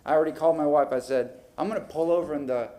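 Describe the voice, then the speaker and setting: Council guy venting at a public meeting, kinda high voice but dark and mellow tone. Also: very fast. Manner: animated, airing frustrations, acts out conversations. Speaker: city council member. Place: city council chamber.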